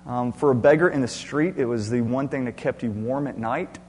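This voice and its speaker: A male pastor delivering an earnest, explanatory sermon that swings into loud passion. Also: medium pitch, a little fast. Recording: echoey hall with faint hum.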